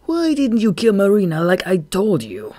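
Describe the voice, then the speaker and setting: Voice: medium pitch, wildly swooping pitch, moderate pace, a little mellow, no echo, voice pushed up. A reader voicing a menacing giant bat leader. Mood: contemptuous. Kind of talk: audiobook character voice.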